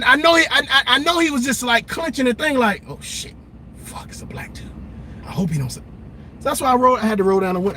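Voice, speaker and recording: Male livestream host, animated and blunt, high bright voice, recorded in a parked car with faint noise behind. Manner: animated, swears, laughs, talks to viewers. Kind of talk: casual live commentary.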